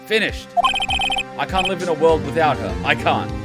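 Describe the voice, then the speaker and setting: A man's voice: fairly high pitch, lively intonation, moderate pace, over loud music, pitched above the performer's own voice, lightly acted. A man voicing a grieving young man who wails in melodramatic despair over his lost girlfriend.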